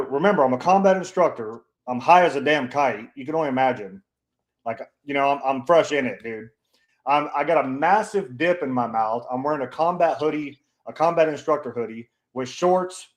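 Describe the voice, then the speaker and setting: A man chatting on a podcast, telling a story in a blunt, profane, animated way and acting out the people he quotes with a raised voice. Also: mid-range voice. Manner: profane, blunt, animated, pushes his own story hard. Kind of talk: casual storytelling chat.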